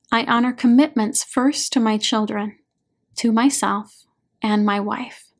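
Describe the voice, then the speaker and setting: A calm man, as a woman reads him, stating affirmations one by one. The delivery is slow, steady and fairly high.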